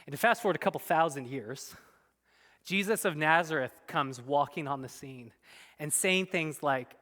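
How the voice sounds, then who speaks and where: Brief: male pastor preaching, bright forceful tone, swings from emphatic to hushed. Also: fairly high pitch, moderate pace. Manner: animated and emphatic, dropping to soft, quiet tones. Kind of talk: sermon. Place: church sanctuary. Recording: long reverb in a church hall.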